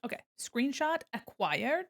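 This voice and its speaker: A woman livestreaming as she draws, chatting casually to her viewers and narrating her own work. Her voice sits a little high and carries a gravelly fry, and she takes her time, breaking into silly asides and laughter. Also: very animated, a little slow. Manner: chatty and jokey, talking to herself while working. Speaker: streamer. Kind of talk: casual chat while drawing on a livestream.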